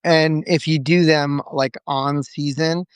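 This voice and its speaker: Easygoing American man, smooth dry voice. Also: fairly high pitch, steady tone, slow pace, no echo. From USA. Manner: easygoing, a little hesitant, many "um" and "like" restarts. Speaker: co-host of a live video Q&A. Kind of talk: casual chat answering viewer questions.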